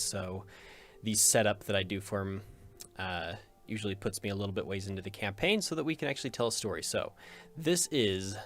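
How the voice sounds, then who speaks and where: A man hosting a gaming video in casual let's play commentary, joking and rambling, often cutting himself off with a chuckle. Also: on the low side.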